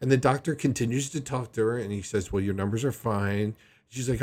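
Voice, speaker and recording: A man with a husky, slightly breathy voice tells a long personal story straight to his viewers. His delivery is casual and rambling, jumping between details and often stumbling over his restarts. His pitch sits in the middle range for a man. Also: brisk. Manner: rambling, animated retelling with frequent restarts. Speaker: vlogger.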